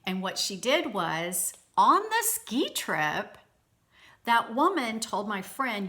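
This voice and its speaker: Woman, storytime vlog, chatty, animated, bright tone. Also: mid-range voice, slow pace. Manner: chatty, animated retelling with many restarts; addresses viewers directly. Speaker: vlogger. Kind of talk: storytime, personal anecdote.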